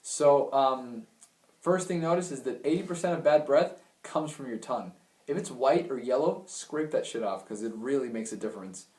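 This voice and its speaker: A man's voice: mid-range voice, moderate pace, darkish tone. A young man giving blunt, crude dating advice in a chatty way. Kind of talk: casual advice talk. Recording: roomy sound, mic at a distance.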